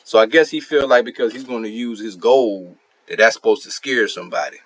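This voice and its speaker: A man's voice: medium pitch, brisk, fairly bright tone. A man giving casual commentary on a strategy game, ranting in an indignant, mocking way about another player.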